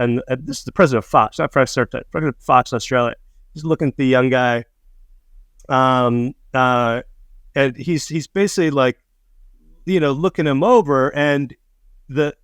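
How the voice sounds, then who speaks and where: A man's voice: mid-range voice, smooth, dry recording, clean studio sound. Middle-aged man telling swearing-laced stories. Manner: animated anecdotes, swears freely, acts out quotes. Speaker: podcast co-host. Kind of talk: casual storytelling chat.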